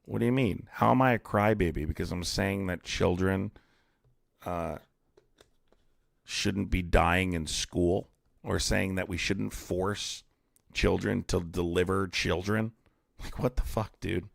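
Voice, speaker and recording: Gravelly, combative deep-voiced man. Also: a little slow, no echo, studio quality. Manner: blunt, profane, combative, reads chat aloud. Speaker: streamer debating callers. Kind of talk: heated live-stream debate.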